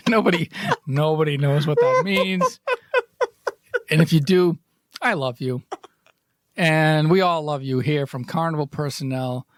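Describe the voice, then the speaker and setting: Male podcast host, raspy, a touch high, dry close sound with faint music under him, loose self-mocking ramble. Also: sing-song, measured pace, pauses often, dry recording. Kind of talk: casual rambling chat.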